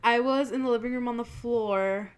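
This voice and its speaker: A woman's voice: fairly high pitch, steady tone, normal speed, clear, resonant tone. A young woman hosting her channel, chatting casually and telling spooky stories, swearing freely and acting out what people said. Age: young adult. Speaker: channel host.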